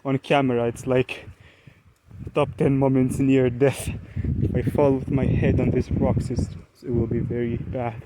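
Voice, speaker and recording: Holding a camera in the woods by a pond, a young man with an Eastern European accent talks a little slowly in a level, medium-pitched tone. His casual vlog narration rambles and bursts into playful exclamations and yelps. The recording is very noisy.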